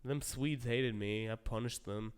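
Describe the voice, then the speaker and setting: A man's voice: medium pitch, a little slow, smooth. A young man streaming, chatting casually and rambling through game stories with acted-out quotes. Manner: rambling storyteller acting out quoted lines. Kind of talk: casual gaming chat.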